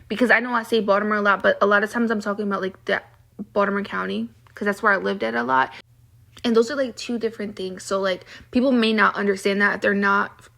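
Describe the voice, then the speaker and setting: Young woman vlogger, casual exasperated rant, slightly high voice. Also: fairly bright tone. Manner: exasperated, fed-up, heavy use of "like".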